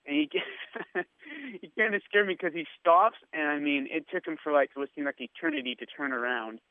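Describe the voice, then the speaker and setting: A man telling a story as a radio station worker on a podcast, animated and acting out what people said. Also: fairly high pitch, a little fast, clean tone, no room sound. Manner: animated storyteller who acts out quotes. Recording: tinny phone line.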